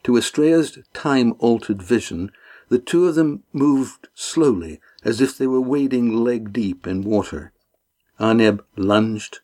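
A man reading a novel chapter aloud as narrator, in a measured, dramatic storytelling manner. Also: medium pitch, expressive, a little mellow. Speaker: audiobook narrator. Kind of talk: scripted narration.

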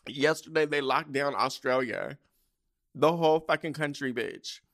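A man hosting a podcast in casual chat, animated and sassy, swearing freely and laughing often. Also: on the high side. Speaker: podcast host.

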